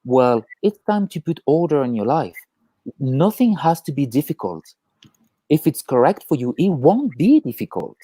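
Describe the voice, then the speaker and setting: Lively, animated man on a call. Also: a little high, moderate pace, no room sound. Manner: animated, swears freely, acts out inner voices. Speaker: podcast co-host. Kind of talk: casual chat on a call. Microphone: video call.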